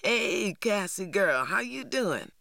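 A reader voicing a boastful, needy teenage boy, talking loud and wheedling. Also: mid-range voice, sing-song, slow pace, creaky, no echo, clean studio sound, voice pushed up, exaggerated voice.

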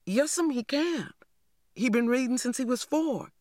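A bold, upset young schoolgirl whose voice jumps high above the reader's own as she pleads urgently, put on by a woman reading aloud. Her words come slowly. The recording is dry and close. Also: lively intonation, darkish tone, no echo. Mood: urgent pleading. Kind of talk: audiobook character voice.

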